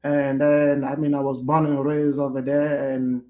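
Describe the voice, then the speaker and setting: A man's voice: medium pitch, level tone, a little slow, roomy sound, lo-fi sound. A middle-aged man from Cameroon, a podcast guest speaking casually, with many hesitant fillers and restarts. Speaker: podcast guest, hotel manager. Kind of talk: casual interview conversation.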